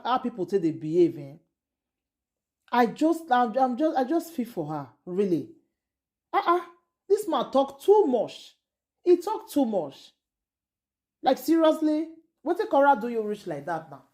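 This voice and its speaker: A woman's voice: medium pitch, warm tone. A woman with a Nigerian accent, vlogging gossip commentary in an exclamatory way, mixing English with Pidgin.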